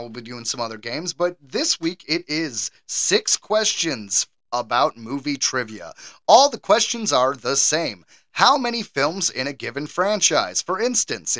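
Lively American man, bright voice. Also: a little high, dry recording. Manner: animated, laughs often, hosts the trivia game. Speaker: podcast co-host. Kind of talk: casual chat.

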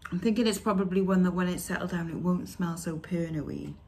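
A woman's voice: lowish voice, a little fast, darkish tone. A woman chatting casually as she unboxes beauty products, reading labels aloud with fillers along the way. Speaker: beauty vlogger.

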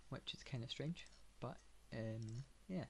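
A man talks his way through a building game in a mid-pitched voice, wandering from thought to thought with plenty of ums and hums. His remarks stay casual and laid-back, with dry, sarcastic asides. A faint hiss sits underneath. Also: takes it slowly, creaky, darkish tone. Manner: meandering, thinking aloud with many fillers. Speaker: gamer. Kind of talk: casual gameplay commentary.

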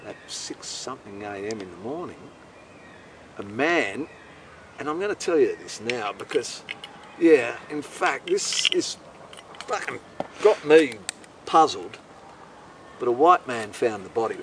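An Australian man hosts a rambling comic monologue, telling a meandering, profane story with an incredulous edge. His voice is medium-pitched, and the mic is distant with background noise.

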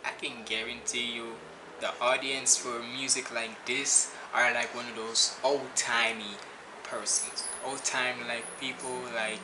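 A man's voice: mid-range voice, level tone, unhurried, reverberant, background noise. A man hosting a reaction video, chatting casually in a rambling, loose way. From Jamaica. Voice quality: rambling, chatty, restarts a lot. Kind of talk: casual chat.

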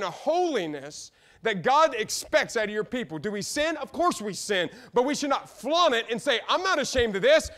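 A man with a Midwestern American accent preaches in a church sanctuary, his voice sitting high for a man. He is fervent and swings from loud outbursts down to quiet, low asides. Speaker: pastor. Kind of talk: sermon.

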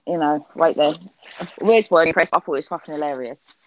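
A woman's voice: low voice, quick pace, lo-fi sound, slight background noise. A woman hosting a casual livestream chat, swearing freely and calling people darling. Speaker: livestream host.

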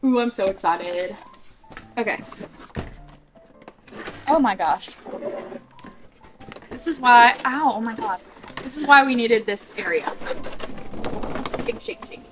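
A woman vlogger chatting excitedly to her viewers as she unboxes collectible toys, gushing and struggling with the packaging. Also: a little high, takes it slowly, long pauses, faint music behind. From California, USA. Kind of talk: casual unboxing vlog.

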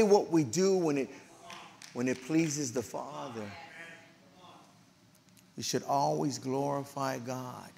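A middle-aged man preaching in a church, telling a personal story with emotional, animated delivery and loud outbursts. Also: medium pitch, slow, gravelly, pauses often, in a large hall. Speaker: pastor. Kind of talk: storytelling sermon.

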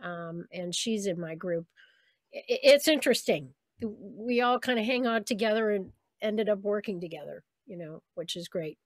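A woman voice actress chats over a video call, animated and full of stories. Her voice sits mid-range and sounds close and dry. She now and then drops into quick impressions of people she remembers. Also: mid-range voice, no echo. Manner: chatty, animated storyteller who slips into voices of people she quotes. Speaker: voice actress guest. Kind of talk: casual interview on a video call.

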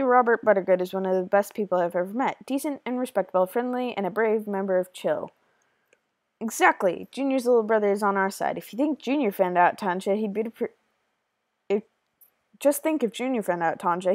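Brief: woman voicing a warm-hearted, secretive beekeeper, mid pitch, dry close sound. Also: dry recording, lightly acted. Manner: gentle, confiding storytelling.

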